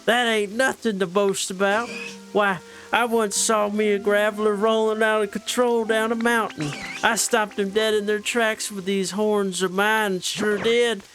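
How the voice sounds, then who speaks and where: A man's voice: sits high, little pitch movement, a little slow, fairly bright tone, soft background music, pitched above the performer's own voice. A man voicing a stubborn horned rival with a put-on Southern drawl, folksy and boastful. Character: stubborn rival horned male creature, proud.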